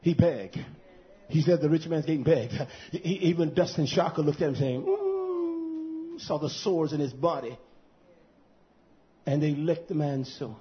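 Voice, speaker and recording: A man preaching a fiery sermon, swinging from loud, rhythmic, "uh"-punctuated shouting to low, quiet talk. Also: normal speed, lo-fi sound. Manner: preaching with rhythmic "uh" fillers, rising to shouts then dropping low.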